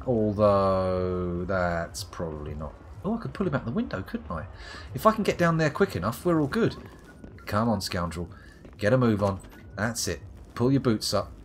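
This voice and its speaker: Animated southern English man commentating a game. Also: fairly low pitch, normal speed, a little hiss or hum. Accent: southern English, near London. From England. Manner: sardonic, swearing, muttering to himself. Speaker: streamer. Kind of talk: live gameplay commentary.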